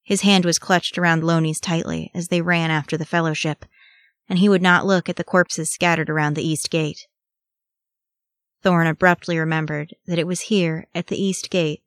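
A woman reading a fan fiction story aloud in steady, measured narration. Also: on the low side, no room sound, studio quality. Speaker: audiobook reader.

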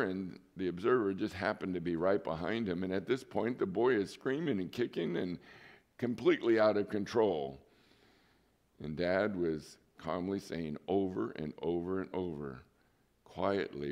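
A pastor with a somewhat low voice delivers a sermon in a church. He tells his story conversationally, turning to his listeners with easy asides. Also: normal speed, darkish tone.

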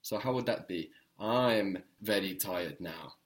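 Patient low-voiced male language teacher. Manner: patient, prompting, repeats answers slowly. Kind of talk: spoken language lesson.

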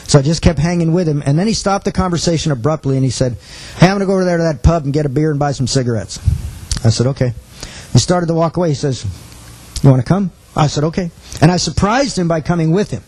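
A middle-aged man giving a sermon-style teaching talk with a husky voice, telling stories and acting out quotes earnestly. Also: fairly high pitch, a little mellow, rough recording. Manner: storytelling with acted quotes, earnest. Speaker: preacher.

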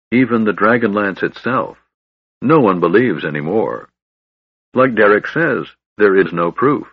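A man's voice: on the low side, husky, no room sound, muffled recording. A man voicing a bitter, honor-bound young knight with a grave, brooding delivery.

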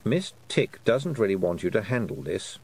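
A man's voice: fairly low pitch, sing-song, a little mellow, breathy edge, heavily acted. A man voicing a dry, sardonic talking toad. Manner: dry, slow, matter-of-fact and slightly sardonic. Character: dry, sensible talking toad, male, small. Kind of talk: audiobook character voice.

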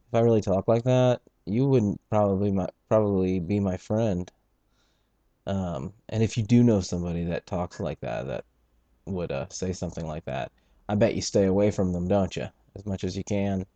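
A man hosts a loose, jokey podcast from his studio apartment, swearing freely as he rambles. His voice sits low and dark. It is recorded dry, with no room sound. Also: normal speed, no echo. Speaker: podcast host. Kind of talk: casual podcast chat.

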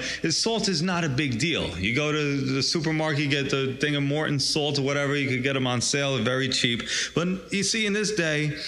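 A man with a clear, bright voice leads an evening Bible study, talking in an easy, conversational way. He keeps checking in with his listeners as he teaches. His pitch is in the middle range for a man. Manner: conversational, asks "right?" often. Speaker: pastor.

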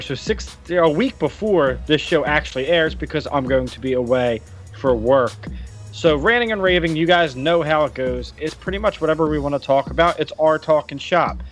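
A man hosting a podcast, telling stories excitedly and laughing often in casual chat. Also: a little high. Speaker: podcast host.

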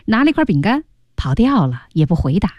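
Lively woman teaching on radio. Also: medium pitch, quick pace, no echo, dull audio. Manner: lively, prompting listeners. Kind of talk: explaining a story in a radio lesson. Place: radio studio.

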